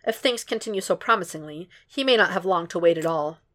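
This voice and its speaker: A woman narrates a fan fiction story aloud at a steady, unhurried pace. Her voice sits a bit low for a woman. The delivery stays even from line to line. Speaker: podfic reader. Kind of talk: audiobook fan fiction reading.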